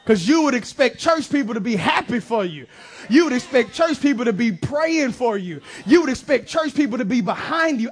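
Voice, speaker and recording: A male pastor, preaching a lively, joking sermon to his congregation with shouted bursts. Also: very high voice. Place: church sanctuary.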